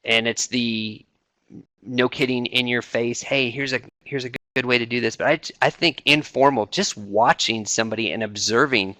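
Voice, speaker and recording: Bright-voiced man talking informally. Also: mid-range voice, no room sound. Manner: conversational, many fillers and restarts. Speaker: senior enlisted advisor speaking on a webinar. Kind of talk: informal talk to a webinar audience.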